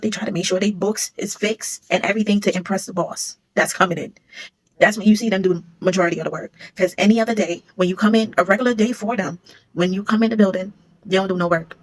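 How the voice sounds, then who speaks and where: A woman, a former security supervisor, casually telling a storytime vlog and acting out what others said. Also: mid-range voice. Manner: rapid, animated retelling, acting out what others said.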